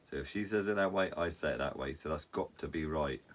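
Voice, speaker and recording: A man's voice: extremely low pitch, a little fast, far from the mic. A man from Reading with a southern English accent, joking and laughing as co-host of a casual whisky-tasting chat. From Reading, Berkshire, England. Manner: joking, teasing, laughs often. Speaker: podcast co-host.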